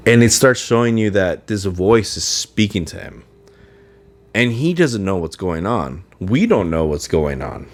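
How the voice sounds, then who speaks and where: A man's voice: lowish voice, lively intonation, normal speed. A man hosting a podcast, chatting casually and rambling as he searches for words. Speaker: podcast host. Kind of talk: casual solo review chat.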